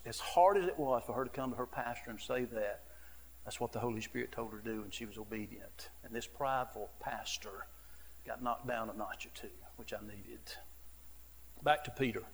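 In a large hall, a middle-aged man, an associate pastor, preaches in a mid-range voice with a fairly bright tone. He tells his sermon as earnest, conversational stories and says "you know" frequently.

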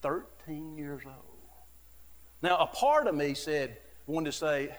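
A middle-aged man preaches a sermon in a somewhat high voice, telling stories earnestly and casually. His voice rings out with a long church-hall reverb. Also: expressive, slow pace. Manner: earnest, conversational storytelling with frequent "you know". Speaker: associate pastor.

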